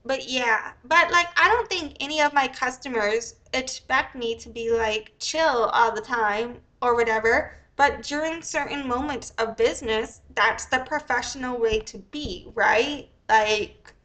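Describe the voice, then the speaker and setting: A woman's voice: fairly high pitch, unhurried, few pauses, sharp tone. A woman hosting her own commentary show, talking casually and rambling with many fillers and restarts. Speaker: host.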